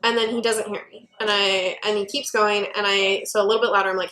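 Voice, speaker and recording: A woman who works at a game store, telling an animated story in casual chat, full of "like" fillers. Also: medium pitch, quick pace, hardly any pauses, poor audio. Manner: animated anecdote with many "like" fillers.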